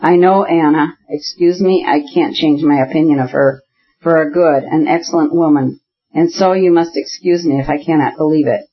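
Reader voicing a kindly, excitable nobleman, pitched up, husky, lo-fi audiobook. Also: normal speed. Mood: dismayed. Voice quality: emotional, pleading. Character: cheerful, kindly, excitable middle-aged nobleman. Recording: dull lo-fi recording.

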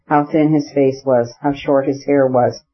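In a medium-pitched voice, a man reads a classic novel as an audiobook with an even, measured delivery. The recording sounds slightly muffled.

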